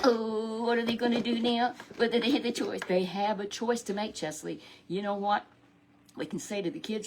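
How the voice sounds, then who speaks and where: A woman's voice: medium pitch, normal speed. A woman telling a children's Bible story in a chatty, repetitive, folksy way, with asides to a puppet.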